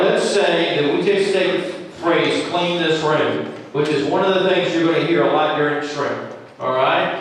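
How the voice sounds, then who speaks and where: A man's voice: fairly high pitch, a little hiss or hum. A man leading a church training session, talking conversationally and acting out quoted lines as examples. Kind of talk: training talk to volunteers. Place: church room. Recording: echoey room from far off.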